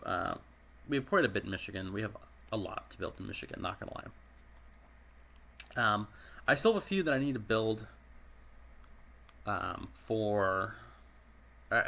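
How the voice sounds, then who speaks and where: A man with a raspy voice giving casual commentary over a dispatch game, clearing his throat often as he methodically works through each call. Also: on the low side, very animated, moderate pace, pauses often, sharp tone. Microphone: personal desk microphone.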